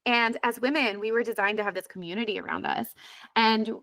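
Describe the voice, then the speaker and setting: Bright-voiced earnest woman host. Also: fairly high pitch, a little fast, dry recording. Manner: earnest, emphatic, repeats phrases for stress. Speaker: podcast host, lactation consultant. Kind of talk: casual podcast conversation.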